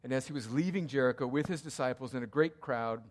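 A man preaching a sermon as pastor, emphatic and repetitive, swinging from loud cries to hushed, quiet passages. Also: medium pitch, fast. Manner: emphatic, repeats key lines, swings between loud cries and hushed tones. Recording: long hall reverb.

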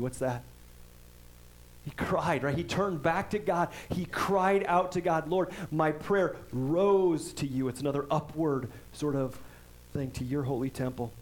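A man delivering a sermon, his voice sitting a little higher than most men's. He talks in a loose, conversational way, tossing in quick "right?" asides to the congregation. When he reads scripture aloud he leans into the words with emphasis. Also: poor audio. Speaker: pastor.

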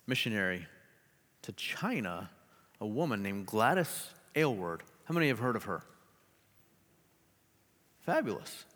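A man preaches a sermon and tells a story with animated delivery and playful asides. His voice sits at a middle pitch. A long reverb rolls through a big hall behind every phrase. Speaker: pastor.

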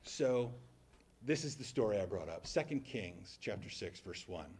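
Husky-voiced man preaching casually. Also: lowish voice, expressive, normal speed, a little mellow. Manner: conversational storytelling with casual asides. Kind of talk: sermon.

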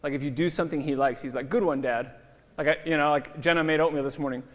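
A man in his thirties, a pastor, giving a conversational sermon with relaxed fillers. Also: on the high side, very fast. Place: church hall. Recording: long hall reverb.

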